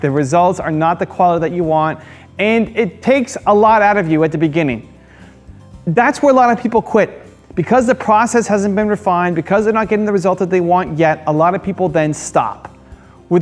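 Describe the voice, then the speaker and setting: A man hosting his own channel, giving an earnest motivational monologue that repeats key phrases and asks rhetorical questions. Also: sits high. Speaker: channel host.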